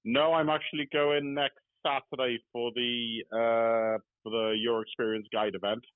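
A man's voice: medium pitch, little pitch movement, a little slow, dry recording. Chatty man on a tinny phone line. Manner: chatty, swears casually, says "you know" a lot. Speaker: caller. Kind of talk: casual chat.

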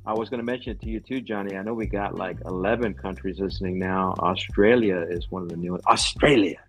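Guy hosting his podcast, lowish voice, rambly and relaxed, lotsa ums. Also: quick pace, faint music behind. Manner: rambling, laid-back, frequent fillers. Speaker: podcast host. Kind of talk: casual chat.

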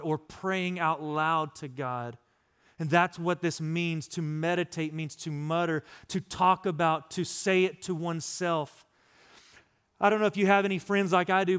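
Middle-aged guy preaching, kinda high voice, real smooth, chatty storyteller. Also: fairly bright tone. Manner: conversational storytelling, acting out friends' lines. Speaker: pastor. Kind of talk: sermon.

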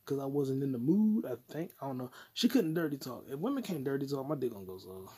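A man's voice: mid-range voice, sing-song, quick pace, warm tone, slightly rough. Crude, rambling man hosting a solo podcast. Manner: crude, profane, jumps between topics, puts on mock voices. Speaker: podcast host.

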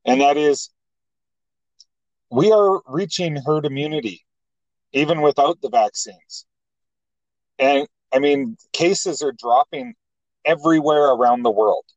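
A man, co-hosting a casual political talk show, speaking haltingly with many restarts. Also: fairly high pitch, no room sound, rough recording. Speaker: co-host.

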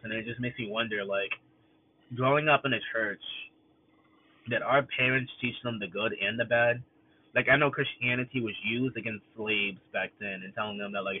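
A man's voice: on the low side, normal speed, pauses often, husky. A young man talking in a casual, rambling monologue, full of fillers and restarts. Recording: tinny phone-like audio, faint noise.

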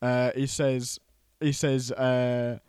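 Man, smooth voice, animated recap. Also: medium pitch, slow, no echo, studio quality. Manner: animated plot recap with swearing. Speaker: podcast co-host. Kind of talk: casual film chat.

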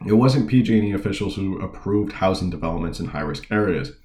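A man's voice: low voice, expressive, fast, darkish tone, roomy sound. A man hosting a political talk show, reading news articles aloud and commenting in an informal, digressive way with sarcastic asides.

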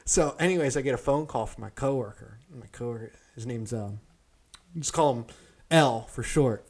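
A young man co-hosting a podcast, telling a story in casual chat, profane and animated, acting out the people he quotes. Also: mid-range voice, normal speed. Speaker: podcast co-host.

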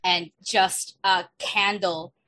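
A woman's voice: lowish voice, steady tone, slow, pushed and bright, a little hiss or hum. A woman player in a tabletop game chatting casually and rambling through a funny picture. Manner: giggly, rambling storytelling. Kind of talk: casual chat.

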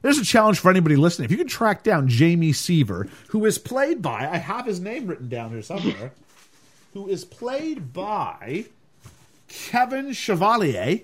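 A man co-hosting a casual film discussion podcast. He is animated and laughs often. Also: normal speed, breathy edge. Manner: animated, laughing, swings between high and low. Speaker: podcast co-host.

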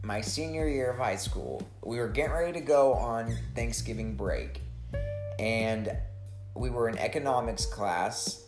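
A woman telling a story in a casual chat, rambling and getting animated as she acts out the scenes. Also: extremely low pitch, measured pace, faint music behind. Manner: rambling, animated when acting out scenes, laughing.

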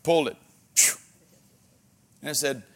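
A man preaching a sermon as pastor, with folksy humor and frequent amens, swinging between loud exhortation and quiet asides. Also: mid-range voice, measured pace.

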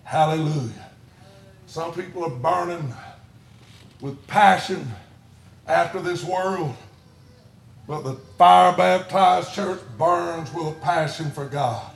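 A man preaching a fiery sermon in church, shouting and chanting his lines, out of breath at times. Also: on the high side, slow, creaky, long pauses, roomy sound. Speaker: pastor.

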